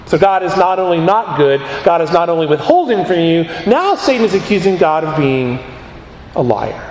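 A man with a fairly high voice preaches a sermon in a measured, earnest way, pausing for emphasis. His voice rings through a large hall with a long reverb. A faint ambient hum sits behind him. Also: animated. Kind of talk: expository sermon.

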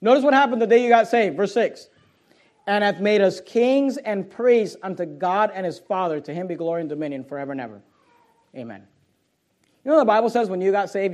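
A man's voice: high voice, expressive, fairly quick, darkish tone. A man preaching a sermon to a church congregation, reading scripture aloud with mounting force. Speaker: pastor. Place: church auditorium.

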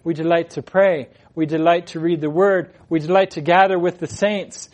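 A male preacher delivers a verse-by-verse sermon with earnest conviction. His voice sits a little higher than most men's. He leans hard into key phrases and swells louder on them. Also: steady tone, moderate pace. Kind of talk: expository sermon.

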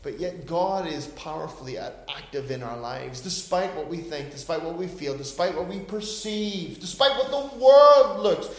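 A man in his forties preaching a sermon, swinging between hushed, quiet stretches and loud, emphatic bursts. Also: on the high side, expressive, normal speed, hardly any pauses, echoey room. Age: 40s. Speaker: pastor.

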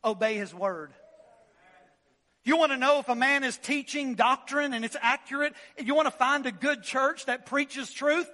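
A man's voice: very high-pitched, moderate pace, pushed and bright, long reverb tail. A man preaching a sermon as pastor, emphatic, repeating lines and restarting words as he drives a point home.

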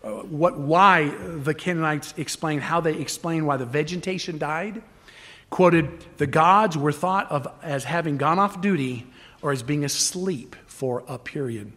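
A man's voice: on the high side, measured pace, bright, forceful tone, long reverb tail. A man preaching a sermon, emphatic, acting out the stories he retells. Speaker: pastor.

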